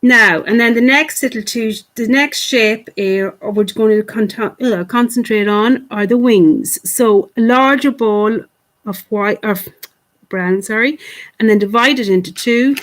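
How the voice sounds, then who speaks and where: A woman teaching children clay modelling online, chatty and encouraging, talking to the camera as if the kids were there. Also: fairly high pitch. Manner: fond of cute words like "little". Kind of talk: online craft lesson for children.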